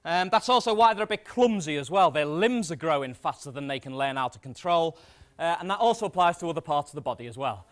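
A man presenting a comic science demonstration on stage to a live audience, energetic and self-mocking. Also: a little high, fast talker, slight background noise.

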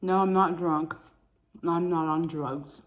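A woman's voice: on the low side, steady tone, slow pace. A young woman eating on camera in a casual vlog, chatty and gushing, with slangy asides. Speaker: mukbang eating vlogger.

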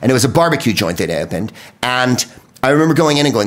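An American man delivering a profane comedic monologue on a podcast, riffing with quick impressions. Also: medium pitch, very animated. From United States.

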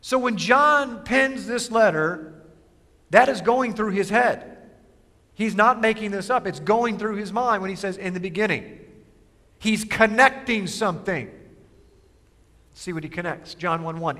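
A male pastor giving an emphatic sermon, asking rhetorical questions and alternating quick asides with slow, stressed phrases. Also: sits high, bright, forceful tone, big-room sound.

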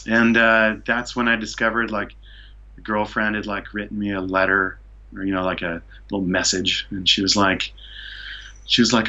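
Over lo-fi sound, a Seattle man's fairly low, level voice moves at a moderate pace with a sharp tone. He's a podcast guest casually telling a long, rambling travel story full of "like" and "you know."

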